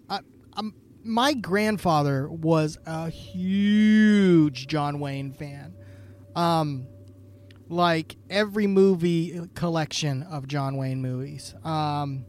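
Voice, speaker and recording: A man co-hosting a podcast, self-deprecating and a bit hesitant, with lots of ums. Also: fairly high pitch. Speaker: podcast co-host. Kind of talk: casual chat.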